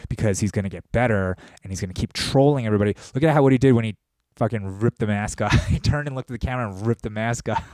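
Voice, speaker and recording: Man, low voice, profane rambling podcast rant, dry close sound. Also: moderate pace, a little mellow, no echo. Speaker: podcast host. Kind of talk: casual monologue.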